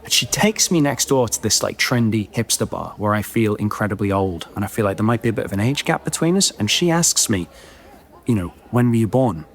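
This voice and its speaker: A man telling a comic story on a podcast, animated and self-mocking, with many chatty asides. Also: fairly low pitch, fairly quick, gravelly.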